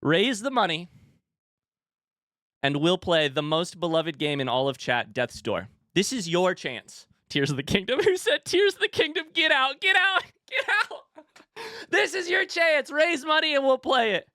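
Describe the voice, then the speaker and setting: A young man streaming live, hyping up a charity event with excitable announcer energy and then chatting casually with viewers while out of breath. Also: high voice, clean tone, no echo, clean studio sound. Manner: excitable, hyped announcer delivery that shifts to quick casual asides.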